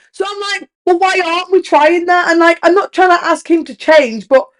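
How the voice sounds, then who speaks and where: A woman, hosting a podcast and talking candidly in a casual monologue, animated and blunt, swearing freely and acting out quoted dialogue. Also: on the high side. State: tearful in places. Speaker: podcast host.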